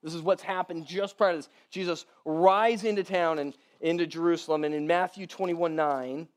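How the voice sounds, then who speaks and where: A male pastor preaches in an easy, chatty way, with a voice pitched noticeably high for a man. He repeats words as his thoughts catch up, laughs lightly between points, and keeps turning to his listeners with a quick "right?". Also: fairly even intonation, clear, resonant tone. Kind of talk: conversational sermon.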